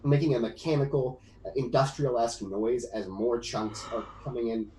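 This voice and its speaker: A man's voice: medium pitch, fairly even intonation, moderate pace, warm tone, echoey room, a little hiss or hum, low-quality recording. A man narrating as game master of a tabletop game, in a loose, rambling way full of fillers.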